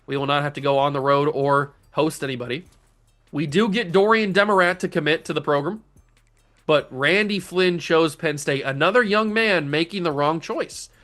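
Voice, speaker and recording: A man's voice: fairly high pitch, normal speed, fairly bright tone. A young man hosting a gaming channel, giving casual commentary on a football video game with melodramatic, exasperated rants. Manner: melodramatic, ranting, exasperated outbursts.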